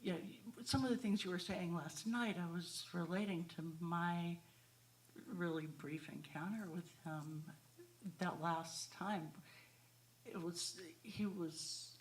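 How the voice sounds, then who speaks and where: A woman from the audience speaks into a handheld microphone, asking her question slowly. Her voice sits a little low, and her phrasing keeps reaching and restarting as she works out her thought. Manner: hesitant, searching phrasing. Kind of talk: audience question at a spiritual talk.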